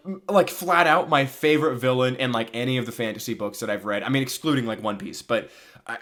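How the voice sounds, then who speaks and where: A young man in casual book review talk, excited and profane, rambling with fillers and frequent laughs. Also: a little high. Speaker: book vlogger.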